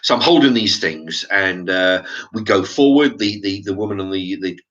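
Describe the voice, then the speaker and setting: Animated, swearing man telling a story. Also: sits low, normal speed, lo-fi sound. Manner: animated, swears freely, many restarts and repeated "right?". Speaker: vlogger. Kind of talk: casual storytelling monologue.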